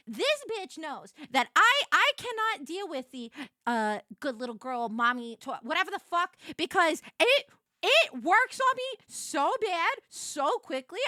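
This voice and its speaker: High, lively, excitable woman streamer. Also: no echo, studio quality. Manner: excitable, swears a lot, laughs and shouts often. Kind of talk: casual live-stream chat.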